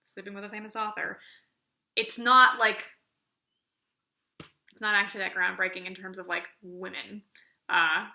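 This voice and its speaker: Sarcastic rambling woman reviewer, bright voice. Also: medium pitch, flat delivery, normal speed, long pauses. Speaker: book reviewer. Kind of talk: casual video book review. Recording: echoey room.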